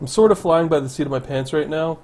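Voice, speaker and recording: A man's voice: on the high side, quick pace, darkish tone. A man casually commenting on his city-building game, thinking aloud and correcting himself as he goes. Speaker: let's play commentator.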